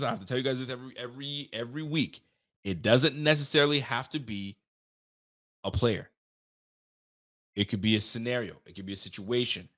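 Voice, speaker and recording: A man hosting a casual sports podcast, animated and swearing freely, talking straight to his listeners and breaking into loud outbursts. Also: mid-range voice. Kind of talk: casual fan commentary.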